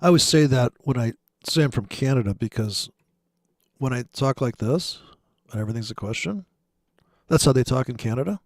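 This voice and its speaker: A man's voice: medium pitch, lively intonation, fairly quick, darkish tone, no room sound. A man from Michigan with a mid-range voice chats casually and rambles with a light joking touch. The sound is dry and close. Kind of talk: casual chat.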